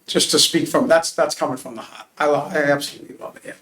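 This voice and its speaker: A man's voice: fairly high pitch, quick pace, a bit bright, a little hiss or hum. A man from Massachusetts answering a council committee's interview questions, earnest and emphatic, telling stories with frequent restarts. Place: council chamber. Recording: roomy public meeting audio.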